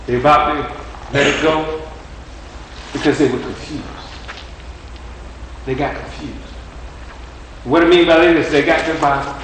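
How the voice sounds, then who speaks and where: High-voiced preacher in an echoey room. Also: male voice, a little hiss or hum. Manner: conversational preaching, repeats phrases, rises and quiets. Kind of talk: sermon. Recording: echoey room from a distant mic.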